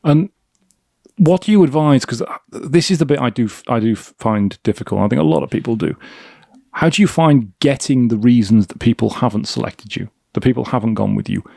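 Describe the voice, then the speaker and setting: A man hosting a podcast interview, asking questions in a thoughtful, halting way. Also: medium pitch, expressive, creaky, dark tone, dry recording, studio quality. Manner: thoughtful, hesitant restarts. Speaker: podcast host.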